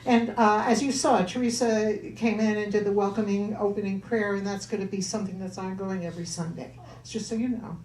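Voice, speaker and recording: A woman's voice: mid-range voice, steady tone, fairly quick, few pauses, a little hiss or hum. A woman minister giving church announcements and a sermon, chatting with the congregation. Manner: chatty, warm asides to congregation. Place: church hall. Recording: roomy hall, voice from far off.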